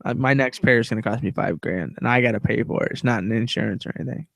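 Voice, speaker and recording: Male podcast co-host, blunt and profane, rambling fillers, mid pitch, dry mic. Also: quick pace, creaky, a bit bright, dry recording. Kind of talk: casual storytelling chat.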